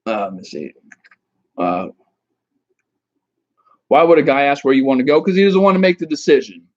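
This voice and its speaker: A man's voice: mid-range voice, big pitch swings, moderate pace, a little mellow, lo-fi sound. A man giving dating advice on a casual live stream, answering chat with rambling, crude jokes and frequent restarts.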